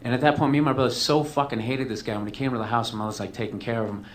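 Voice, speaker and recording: A man's voice: medium pitch, fairly even intonation, rapid-fire, a little hiss or hum. A male comedian telling a long story as a talk show guest. He rambles, swears freely and mocks himself. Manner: profane, rambling, self-mocking.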